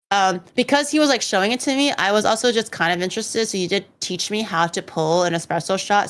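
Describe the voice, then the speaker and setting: A woman in casual chat, telling a story in an animated way and swearing freely. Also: mid-range voice. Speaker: streamer guest.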